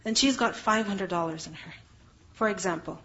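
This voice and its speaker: A woman's voice: mid-range voice, moderate pace, fairly bright tone. A woman teaching a Quran lesson, explaining Arabic terms and asking her class rhetorical questions. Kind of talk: religious lesson. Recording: dull lo-fi recording.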